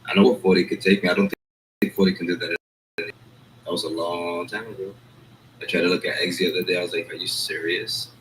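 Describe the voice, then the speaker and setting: Low flat-voiced man, rambling chat. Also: a little fast, pauses often, a little hiss or hum, rough recording. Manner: rambling, streetwise, talks in loose asides. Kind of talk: casual chat.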